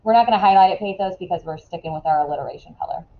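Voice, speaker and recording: A woman teaching a classroom lesson in a casual way, asking quick questions and often checking in with "right?". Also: fairly low pitch, lo-fi sound.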